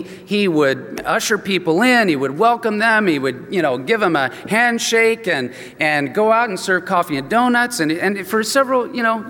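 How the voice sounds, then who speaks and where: An older man, a pastor, preaching an expository sermon in a relaxed, conversational way and acting out the dialogue of his stories. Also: high voice. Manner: conversational, acts out quoted dialogue. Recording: long reverb from a large hall.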